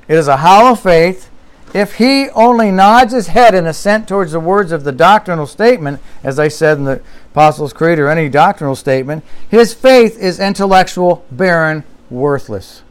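A man preaching a sermon in an earnest style, lifting and dropping his voice for emphasis and reading quotes slowly. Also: high voice, smooth. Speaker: pastor.

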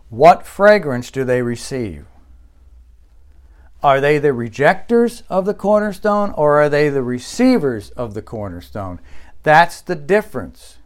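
Male pastor, sermon delivery, emphatic and insistent, voice sits a little high. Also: lively intonation, unhurried, clear, resonant tone. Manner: emphatic preaching, swinging between loud insistence and quiet asides.

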